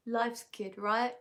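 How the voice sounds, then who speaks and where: A woman's voice: a little high, a bit bright. Chatty woman hosting a livestream. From England. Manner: chatty, reads viewer comments aloud and answers them. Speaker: livestream host reviewing perfumes. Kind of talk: casual live chat.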